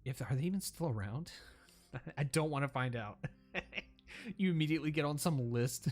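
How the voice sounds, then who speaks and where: A man with a slightly high voice comments on video clips at a moderate pace, soft music in the background. He hosts the reaction video in a casual, rambling way, laughing often and swearing.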